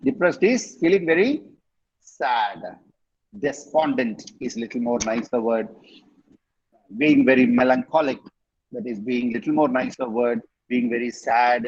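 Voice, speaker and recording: A man's voice: medium pitch, moderate pace, dull audio. A man with a Tamil accent teaching English vocabulary in an online class, quizzing students and spelling words out. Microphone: video call.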